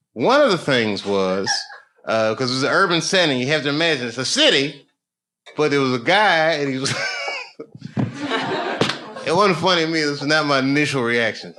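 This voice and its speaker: A man in his thirties with an American accent, doing stand-up storytelling on a club stage. He often laughs at his own stories, and his voice jumps up when he gets excited. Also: medium pitch. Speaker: stand-up comedian. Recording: noisy live recording.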